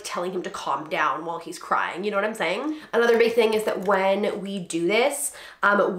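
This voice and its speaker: A woman in her thirties chatting casually to camera about parenting, with lots of "like" fillers and acted-out quotes. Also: medium pitch. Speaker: parenting vlogger. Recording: roomy echo.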